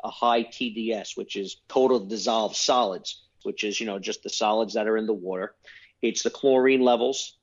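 A company founder from New York answers interview questions casually, telling his story with fillers along the way. He speaks at a medium pitch, and the audio is slightly dull.

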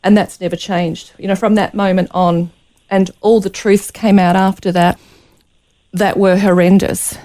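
A radio interview guest, a woman, relates a hurtful personal story in a warm, mid-range voice with a level tone and measured pace. She is earnest and emotional, nearly in tears.

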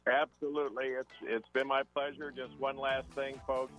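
A man's voice: medium pitch, little pitch movement, moderate pace, fairly bright tone, soft background music. A man co-hosting a radio health show as a doctor, talking in a folksy, rambling way. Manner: folksy, rambling, with frequent restarts and "and like that". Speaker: guest co-host, health doctor. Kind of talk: casual radio talk over a phone line. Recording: tinny phone line.

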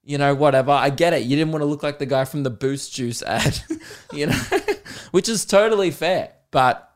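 Man animated podcast host, swears, laughs a lot. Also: fairly high pitch, normal speed. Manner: animated storytelling, swearing, frequent laughs and put-on voices. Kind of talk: comedic podcast monologue.

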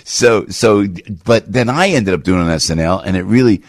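An older man hosting a morning talk radio show, telling rambling, emphatic stories that climb high when he gets worked up, on a close studio mic. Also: lively intonation, moderate pace, dry recording. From New Jersey.

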